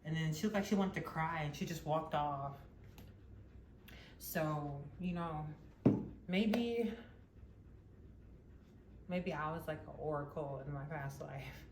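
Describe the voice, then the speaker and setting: A woman's voice: deep voice, slow, pauses often. A young woman telling a personal story in a casual monologue, rambling with many fillers and frequent laughs. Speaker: vlogger. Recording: echoey room with faint noise.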